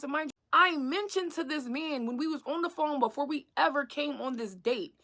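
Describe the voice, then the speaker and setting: Animated, blunt woman telling a story. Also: high-pitched, normal speed. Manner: animated, blunt and profane, slangy retelling. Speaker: vlogger. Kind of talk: storytime narration.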